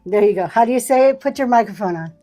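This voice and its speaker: Fast and animated, a woman with a slightly high, dark-toned voice hosts a live selling stream with faint music behind her. She chats casually, presents vintage pieces and thanks each buyer by name.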